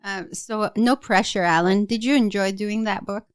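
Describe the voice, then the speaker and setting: A woman's voice: medium pitch, normal speed, smooth, no room sound. Woman, podcast host, eager questions, dry close sound. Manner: curious, asks eager questions. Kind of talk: casual interview.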